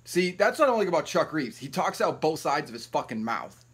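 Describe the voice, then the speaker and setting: A man's voice: fairly high pitch, very animated, fairly quick, husky. A man hosting a live stream, ranting in a rambling, profane, heated way.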